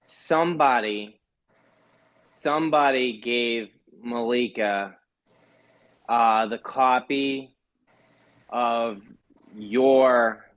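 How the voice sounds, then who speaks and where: A man in casual conversation who speaks haltingly, with many fillers and restarts. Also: mid-range voice, a bit bright. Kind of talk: casual chat. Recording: dull lo-fi sound.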